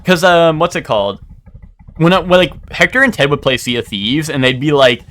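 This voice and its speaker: A young man streaming live, chatting casually and rambling, with animated bursts into loud outbursts. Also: fairly high pitch, moderate pace.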